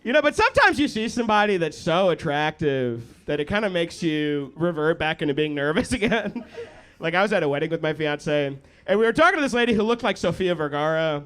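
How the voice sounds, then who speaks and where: On a comedy club stage, an India-born stand-up comedian does a self-deprecating set and banters with the audience. His voice is fairly high, sing-song, brisk and smooth, with loud laughter from the crowd behind him.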